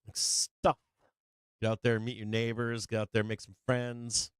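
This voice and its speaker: A man's voice: on the low side, monotone, a little fast, clean tone, no echo, clean studio sound. A middle-aged man hosting a casual trading livestream, ranting with lots of swearing and laughing as he talks. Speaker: livestream stock trading host.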